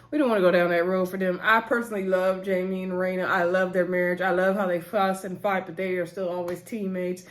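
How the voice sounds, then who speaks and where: A woman recapping a reality TV episode in a casual, opinionated chat, talking straight to her viewers in slangy speech. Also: lowish voice.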